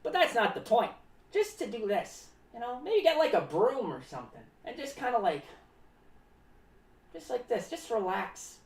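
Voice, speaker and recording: Zany clown, played by a woman, high and bouncy, rambles about himself in the third person, roomy sound. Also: very animated, normal speed, far from the mic. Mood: rambling. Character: rambling eccentric clown, paranoid about cats. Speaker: streamer in clown character. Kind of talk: live-stream clown character monologue. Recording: echoey room, voice away from the mic.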